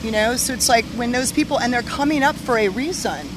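A woman working as a medium, telling stories in an animated, casual conversation with frequent laughter. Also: a little high, brisk, background noise.

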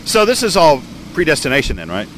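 A man's voice: fairly high pitch, wildly swooping pitch, a little fast, a bit bright, slight background noise. A man chatting casually, asking wry, joking questions. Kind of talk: casual podcast conversation.

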